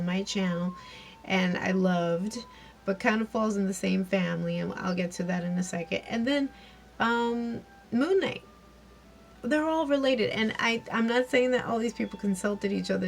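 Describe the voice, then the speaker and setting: Animated woman with a gravelly edge. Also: medium pitch. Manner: animated, acts out quotes from scenes. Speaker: TV reviewer. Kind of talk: casual review chat.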